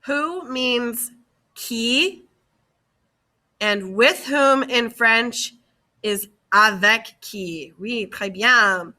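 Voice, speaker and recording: A woman's voice: a little high, drawn-out words, sharp tone. A woman teacher giving a slide-based lesson, speaking carefully and repeating key words for her students. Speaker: French teacher.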